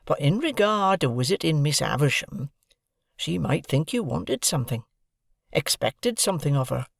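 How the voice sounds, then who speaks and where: A man voicing a slow, kindly village blacksmith who talks in plain rustic dialect, weighing every word. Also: fairly high pitch, sing-song, creaky, no echo, studio quality, exaggerated voice. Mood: ponderous.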